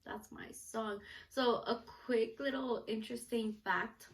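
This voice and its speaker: A young woman talks casually straight to camera, bubbly and chatty, with a steady stream of "like" and "you know". Her voice sits a little higher than most women's. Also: measured pace. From United States, Mexican parents. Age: young adult. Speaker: vlogger, student reporter.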